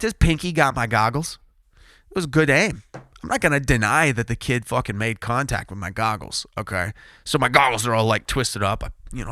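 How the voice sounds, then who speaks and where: Animated, profane man retelling a crash. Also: mid-range voice, no room sound, studio quality. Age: 30s. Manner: animated, profane, acts out quotes; loud, excited retelling. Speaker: podcast host. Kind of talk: casual storytelling.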